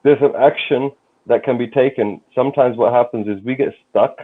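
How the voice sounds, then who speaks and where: A man's voice: mid-range voice, fairly even intonation, normal speed. A man, a guest on a football fan livestream, speaking courteously and repeating words as he goes. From London. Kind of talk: casual livestream chat. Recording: tinny phone-like call audio.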